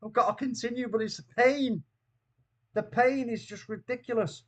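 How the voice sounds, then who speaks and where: A man with a high-pitched voice hosts a live football watchalong stream. He greets his chat by name in easy slang and lurches between shouted disbelief and flat, tired muttering. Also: normal speed. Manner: swings from shouting disbelief to low, weary muttering. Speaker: host of a fan watchalong stream.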